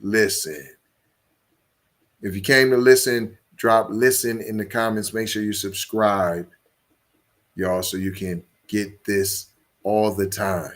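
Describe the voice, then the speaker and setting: A man's voice: fairly low pitch, steady tone, measured pace. A man hosting a solo podcast, talking emphatically, repeating words and stacking rhetorical questions. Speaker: podcast host.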